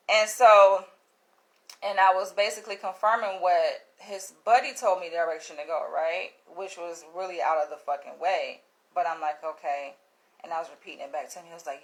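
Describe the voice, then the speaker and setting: A woman vlogging, telling a story in a casual, animated way, swearing freely, laughing and acting out what others said. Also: medium pitch, normal speed. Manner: animated, profane, laughs often, acts out quotes.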